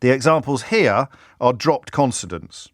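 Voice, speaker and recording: Middle-aged radio host, musing and chatty, stammered restarts, dry close mic. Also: male voice, mid-range voice, animated, a little slow, no room sound. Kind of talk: live talk-radio monologue. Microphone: studio microphone.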